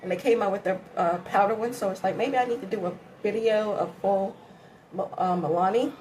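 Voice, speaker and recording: Woman, beauty vlogger, tired, breathing heavily, rambling makeup chat, mid-pitched voice, faint background hiss. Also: a little fast, a little mellow, rough recording. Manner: chatty, rambling, self-talk while applying makeup. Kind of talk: casual makeup tutorial chat.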